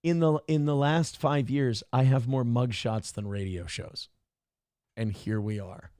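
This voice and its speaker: A man's voice: medium pitch, measured pace, warm tone, no room sound, studio quality. A man hosting a live show, reading out viewer donations in a casual, exasperated way, laughing and swearing as he goes. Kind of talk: casual live-stream talk.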